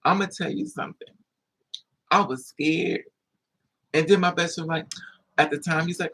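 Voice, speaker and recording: Husky, animated storyteller acting out voices. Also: moderate pace, long pauses. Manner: animated, acts out voices with high squeals. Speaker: vlogger. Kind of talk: casual storytelling to camera.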